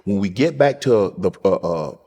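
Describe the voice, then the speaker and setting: Host type: low, husky man, soft-spoken storyteller, casual chat. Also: animated, moderate pace. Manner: soft, storytelling, drops quiet when emotional.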